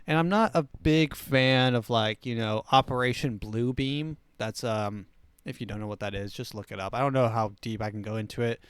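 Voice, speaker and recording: Sarcastic comedy host, male, smooth voice, dry close recording. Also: mid-range voice, normal speed, no echo. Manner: sarcastic, riffing. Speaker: show host. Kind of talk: comedic news commentary.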